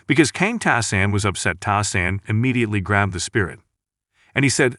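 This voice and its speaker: A man's voice: on the low side, normal speed, no room sound, clean studio sound. A man narrating a comic story recap in a plain, repetitive storytelling manner. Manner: flat storytelling, repetitive phrasing.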